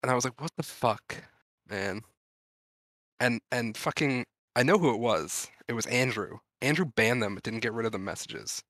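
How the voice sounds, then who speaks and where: A man's voice: medium pitch, fairly quick, few pauses, a bit bright, no room sound. A man co-hosting a podcast, laid-back and blunt, swearing freely. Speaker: podcast co-host. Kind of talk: casual podcast chat.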